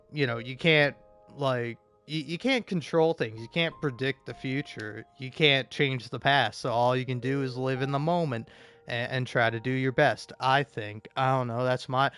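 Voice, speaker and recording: A man's voice: mid-range voice, a bit bright. A man live streaming a game, rambling casually with lots of fillers, stammers and swearing. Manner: meandering, profane, stammering with many fillers.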